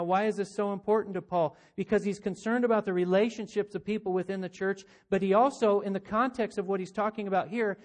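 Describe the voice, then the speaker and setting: A man preaching a sermon, earnest and questioning, often voicing imagined listeners as he speaks. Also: high voice. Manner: earnest, uses rhetorical questions and quoted voices. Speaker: pastor.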